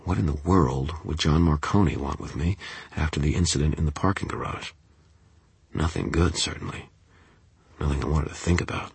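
A man narrating an audiobook in the first person, telling it in a tense, steady way on a close studio mic. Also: extremely low pitch, moderate pace, gravelly, slightly rough, no echo.

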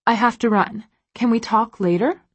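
A caring young best friend chats lightly and affectionately in an audiobook, as a woman reads her. Her voice is raised and breathy, slow, in a dry close room. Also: fairly high pitch, dry recording.

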